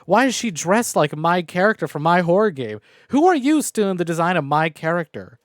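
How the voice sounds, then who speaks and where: Brief: foul-mouthed, self-mocking male streamer, lively pitch, dry close mic. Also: brisk, no echo. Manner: profane, rambling and self-mocking. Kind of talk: casual game stream recap. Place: home room. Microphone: new desk microphone.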